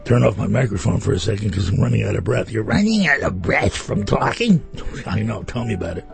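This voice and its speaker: Gravelly-voiced man rambling on air. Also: fairly low pitch, expressive, fairly quick, faint music behind. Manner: rambling, wry storyteller. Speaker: radio host. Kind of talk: casual chat. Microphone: studio microphone.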